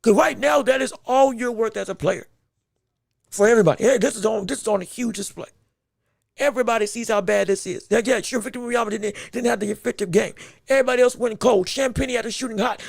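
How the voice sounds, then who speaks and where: A man hosting a podcast, in an animated, exaggerated sports rant that swings between playful fury and laughter, often stumbling over his words. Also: extremely high pitch, gravelly, dry recording, clean studio sound. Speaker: podcast host.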